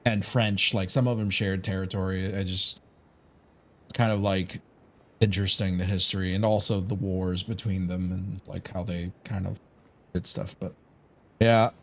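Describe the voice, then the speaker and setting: A man's voice: deep voice, flat delivery, moderate pace. An American man streaming a game, musing aloud in a rambling, casual way with many fillers and some swearing. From United States. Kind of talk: casual live-stream chat while playing.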